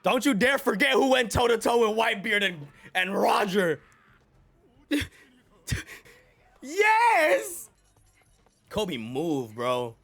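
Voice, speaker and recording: A man reacting to an anime episode with hyped, slangy commentary that often breaks into shouts. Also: sits high, lively intonation, measured pace, vocal fry, soft background music.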